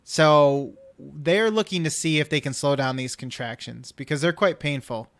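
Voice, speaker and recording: Recorded dry, a man's fairly high, slightly bright voice moves at a moderate pace. He's a podcast host drifting through a rambling anecdote in casual conversation, dramatizing people's words as he quotes them.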